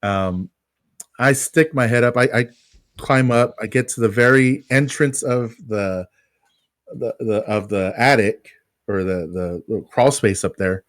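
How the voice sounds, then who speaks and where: A man's voice: on the low side, unhurried, dry recording, clean studio sound. A man co-hosting a podcast, telling a self-mocking story about his work as a pest control technician.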